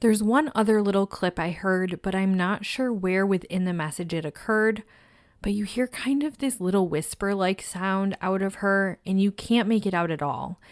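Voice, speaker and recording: A woman hosting a true crime podcast, narrating a case in a measured, somber way. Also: mid-range voice, no echo, clean studio sound.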